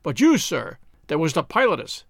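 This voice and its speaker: A man's voice: fairly high pitch, wildly swooping pitch, moderate pace, creaky, dry recording, studio quality, exaggerated voice. A man voicing a harried, blunt sea captain in an audiobook reading, urgent and clipped.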